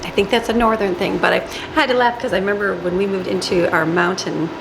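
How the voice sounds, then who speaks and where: A woman's voice: medium pitch, fairly even intonation, fast. A woman talking casually while baking in her home kitchen, rambling and laughing easily as she works. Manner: rambling, laughs often, talks while cooking. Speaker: homemaker and mom baking at home. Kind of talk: casual chatty kitchen vlog. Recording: noisy home kitchen recording.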